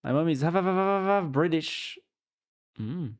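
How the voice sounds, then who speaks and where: A man's voice: on the high side, lively intonation, normal speed. Rambling, stammering male streamer. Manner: rambling, repeats words while searching for them; reads chat aloud and jokes with it. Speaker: livestreamer. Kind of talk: casual chat with viewers.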